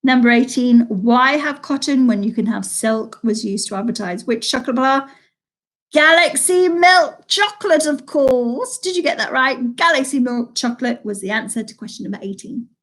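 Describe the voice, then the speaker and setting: Uk woman running a virtual pub quiz, slightly high voice, chatty, repeats the questions and cheers people on. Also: lively intonation, normal speed, a bit bright. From United Kingdom. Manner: chatty, reads out questions and answers twice, reacts to players' scores. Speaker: quiz host. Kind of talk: casual live quiz hosting.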